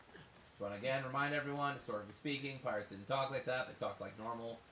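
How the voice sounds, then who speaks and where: A man's voice: mid-range voice, fast talker, pushed and bright, echoey room, slight background noise. A man giving casual gameplay commentary as a streamer, joking and teasing.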